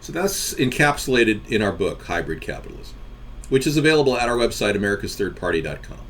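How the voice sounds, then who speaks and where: A man's voice: on the low side, very animated, fast, a bit bright, slight background noise. A man hosting a casual live stream, rambling and joking as he reacts to viewers' chat comments.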